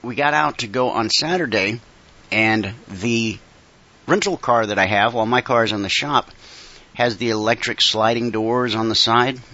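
A man's voice: on the low side, pushed and bright, dull audio. A middle-aged man hosting a casual monologue, folksy and wry, a little congested from a cold. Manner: conversational and folksy, with wry asides.

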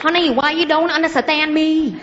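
A woman doing a wheedling nail salon worker in broken English, high-pitched and sweet-talking, upselling every customer. It is a live stand-up bit caught in a big reverberant hall, and the lo-fi recording is nearly buried under a loud, laughing audience. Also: normal speed, a loud crowd, very noisy, natural voice. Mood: pushy. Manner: wheedling, calls everyone honey. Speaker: stand-up comedian.

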